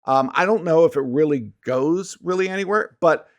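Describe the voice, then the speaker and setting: A man with a voice on the high side co-hosts a podcast at a moderate pace, chatting casually and laid-back about movies with plenty of agreeing fillers.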